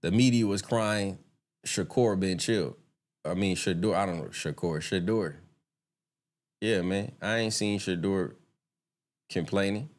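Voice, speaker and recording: A man's voice: sits low, a little slow, long pauses. A man doing casual live-stream commentary, talking straight to his viewers, swearing freely and getting heated and indignant when he rants.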